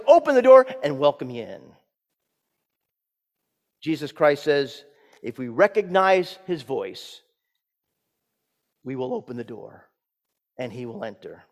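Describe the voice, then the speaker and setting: A man pastor giving a sermon, swinging from loud emphatic peaks down to soft hushed lines. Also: on the high side, sing-song, measured pace, pauses often. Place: church sanctuary. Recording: church sanctuary with long reverb.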